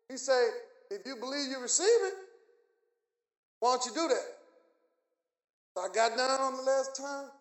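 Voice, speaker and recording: A man preaching a sermon as a personal testimony, telling the story with animated delivery and acting out the voices in it. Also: very high voice, a little slow, long pauses. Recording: echoey room.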